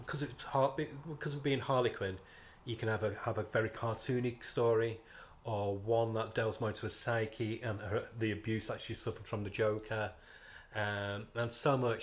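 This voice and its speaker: A British man talks through his comic picks in a loose, rambling way, trailing into ums and restarting sentences. His voice sits on the lower side, with a faint hiss of noise behind it. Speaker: comic book reviewer. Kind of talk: casual review vlog.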